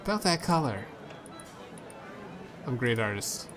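A man's voice: mid-range voice, big pitch swings, unhurried, a bit bright, soft background music. A man playing a story game, reading its dialogue aloud in a playful way and switching voices for the characters. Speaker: let's play gamer.

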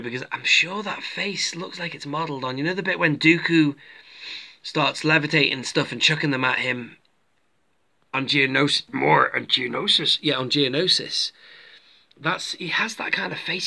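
A man's voice: mid-range voice, bright, forceful tone. A man giving a casual, rambling toy review and talking to his viewers as folks.

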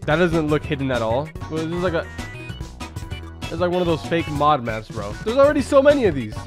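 Excitable young man with a bouncy, high voice. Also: a little fast. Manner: excitable, laughing, slangy, calls everyone bro. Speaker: reaction video host. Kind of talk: excited reaction commentary. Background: game clip audio and music playing.

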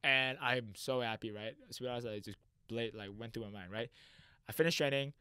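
A man's voice: medium pitch, fairly quick, smooth, no echo, studio quality. A young man telling stories in a casual podcast chat, acting out quoted voices as he goes. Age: young adult. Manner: animated storyteller, acts out quotes. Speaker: podcast guest, goalkeeper.

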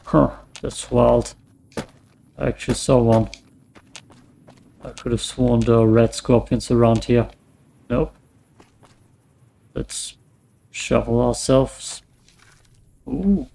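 A man talks through his game at an unhurried pace, his voice gravelly and worn, going hoarse as he plays. He mutters and grumbles to himself between lines, cursing at the screen. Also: mid-range voice, fairly even intonation, warm tone, slight background noise. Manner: mutters to himself, swears often. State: voice getting hoarse. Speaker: let's play gamer. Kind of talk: casual gameplay commentary.

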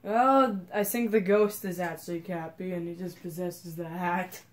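A woman doing let's play commentary who giggles often and breaks into excited shouts. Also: on the low side, moderate pace. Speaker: gamer.

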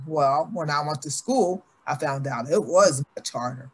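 A woman's voice: sits low, moderate pace, few pauses, slightly rough. An older woman, a guest athlete, telling her life story earnestly and acting out her family's voices. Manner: animated, acts out family members' voices in her stories.

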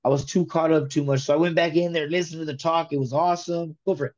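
A man giving an emotional conversion testimony in casual chat, animated and slangy, telling his story in the present tense. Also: a little high, fast talker, highs cut off.

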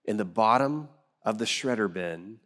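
A man's voice: on the low side, lively intonation, normal speed, a bit bright. Conversational middle-aged male pastor preaching. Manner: conversational storytelling, asks the congregation questions. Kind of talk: sermon. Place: church sanctuary.

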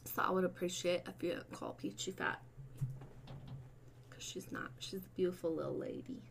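A woman hosting a casual livestream, chatting with her viewers, swearing and breaking into bursts of excited shouting. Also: lowish voice, moderate pace, vocal fry, noisy background. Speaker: livestream host.

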